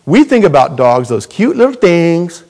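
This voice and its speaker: A middle-aged man preaching a sermon as pastor, animated and jokey, with sudden loud high bursts. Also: moderate pace.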